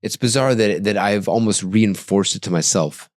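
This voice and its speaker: A man's voice: lowish voice, moderate pace, no room sound, clean studio sound. A man in his forties hosting a podcast, talking casually and reflectively, often trailing off and restarting his thoughts. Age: 40s. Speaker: podcast host.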